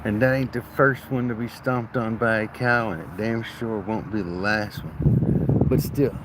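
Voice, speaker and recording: A man vlogging outdoors on a farm, telling rambling stories in a crude, joking, rough-spoken way. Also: lowish voice, steady tone, measured pace, heavy background noise. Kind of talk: casual rambling storytelling.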